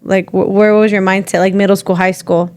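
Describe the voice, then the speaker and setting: A woman's voice: medium pitch, level tone, brisk, darkish tone. A woman hosting an interview, listening supportively and asking short follow-up questions. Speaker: host and interviewer. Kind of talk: casual interview.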